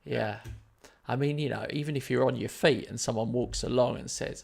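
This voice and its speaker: Gravelly chatty man on a stream. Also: medium pitch, normal speed. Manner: chatty, rambling, self-deprecating. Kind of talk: casual storytelling on a live stream.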